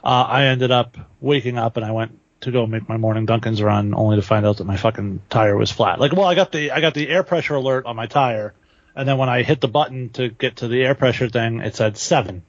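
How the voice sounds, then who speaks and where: A man's voice: mid-range voice, a little fast, no echo. A man chatting casually with co-hosts on a podcast, swearing freely. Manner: chatty, swears, laughs easily. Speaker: podcast co-host. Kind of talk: casual chat. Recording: dry, dull lo-fi podcast audio.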